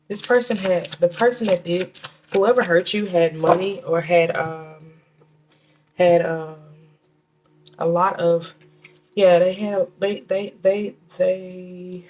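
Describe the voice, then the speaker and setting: A woman giving a casual tarot reading, talking in a chatty, halting way with many restarts and fillers, and slowing down to name the cards. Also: fairly low pitch, steady tone, a little mellow, slight background noise. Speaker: tarot reader.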